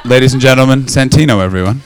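Canadian male stand-up, crude and loud crowd work, club set. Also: mid-range voice, fast, a little hiss or hum. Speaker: stand-up comedian. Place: comedy club.

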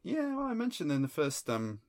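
A man co-hosting a comedy podcast, delivering rambling, mock-serious musings in a deadpan way. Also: fairly high pitch, a little fast. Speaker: podcast co-host. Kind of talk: improvised comedy podcast banter.

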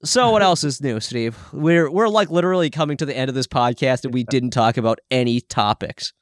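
A man's voice: medium pitch, fairly quick, no room sound, clean studio sound. A young man co-hosting a podcast, chatting casually, swearing a lot and breaking into little sung jingles. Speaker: podcast co-host. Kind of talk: casual chat.

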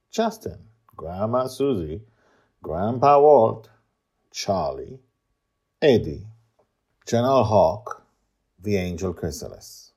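A man's voice: lowish voice, sing-song, takes it slowly, pauses often, a little mellow, slightly rough. A man hosting a podcast and reading his own fantasy story aloud in a playful, theatrical way, with sing-song interjections.

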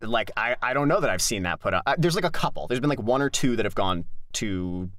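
A young man chatting casually, relaxed and agreeable, telling small stories. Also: mid-range voice, fast, no room sound. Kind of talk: casual chat.

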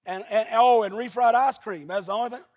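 Husky high-voiced man preaching in a hall. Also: a little fast. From Eastern Kentucky. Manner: folksy storytelling, bursts into shouting. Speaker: pastor. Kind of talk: sermon. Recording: husky voice in a long-reverb hall.

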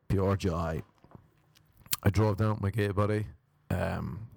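A man's voice: lowish voice, creaky, a little mellow, no echo. A young man doing a crude, mocking, rambling stand-up comedy routine.

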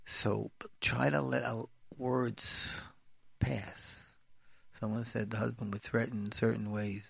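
A man with a heavily gravelly, husky voice gives advice on a radio talk show. He repeats his phrases over and over for emphasis. The sound is dry and close. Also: mid-range voice, flat delivery, slow, no room sound.

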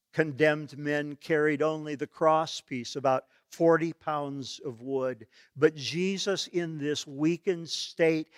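A male preacher retells a story in a vivid, solemn way. He speaks slowly in a slightly high, smooth voice, recorded close and dry. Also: dry recording. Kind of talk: dramatic sermon storytelling.

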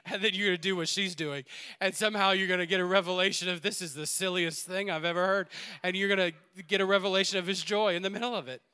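A man preaching a sermon in a church, swinging between loud exhortation and quiet asides and laughing often. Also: sits high, fairly even intonation, fast talker, clean tone. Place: church sanctuary.

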